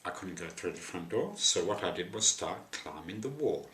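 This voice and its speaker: A man's voice: deep voice, expressive, moderate pace, fairly bright tone. A man telling a personal story to camera, rambling with wry asides, in an echoey room.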